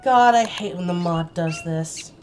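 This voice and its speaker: A woman commentating her own gameplay, swearing and yelling at the screen in sudden bursts, sometimes putting on a playful old-fashioned voice, on a cheap mic. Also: fairly low pitch, unhurried. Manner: excitable, swears a lot, sudden outbursts. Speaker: gaming channel host. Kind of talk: solo game commentary. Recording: cheap mic, faint game music.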